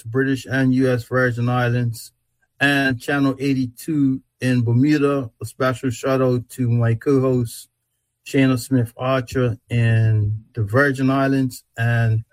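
A man hosting a casual radio talk show, speaking in a relaxed, drawn-out and emphatic way. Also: mid-range voice, no room sound, poor audio. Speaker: host.

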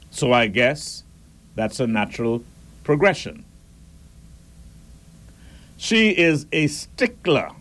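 A man hosting a radio talk show, reading listener messages and giving firm, measured opinions. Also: mid-range voice. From Caribbean.

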